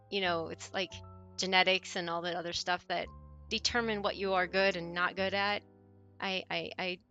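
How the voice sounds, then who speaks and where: A woman's voice: medium pitch, sharp tone. A woman streaming, chatting casually with her viewers in a rambling way and laughing often.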